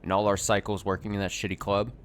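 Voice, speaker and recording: Man voicing a smug game character, treacherous young guy, taunting, low voice. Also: little pitch movement, fast talker, fairly bright tone, slight background noise, natural voice.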